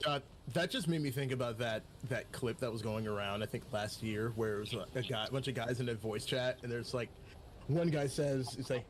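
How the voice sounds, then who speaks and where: A man chatting on a stream voice call, telling animated stories and acting out quotes. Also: medium pitch, brisk, a little hiss or hum. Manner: animated storyteller who acts out quotes. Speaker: guest on a stream voice chat. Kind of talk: casual group chat on a live stream.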